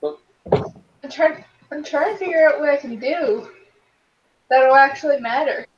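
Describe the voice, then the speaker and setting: A woman's voice: sits high, measured pace, highs cut off, slight background noise. A woman playing a tabletop role-playing game, hesitant and full of fillers as she thinks through her turn. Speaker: player. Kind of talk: casual tabletop game play.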